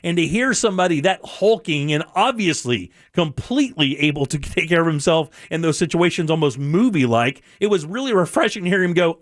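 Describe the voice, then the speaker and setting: A man's voice: a little high, animated, fairly quick, few pauses, no echo, clean studio sound. A man hosting a talk show, telling stories animatedly and acting out quoted voices. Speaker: radio talk show host. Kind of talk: casual talk show chat.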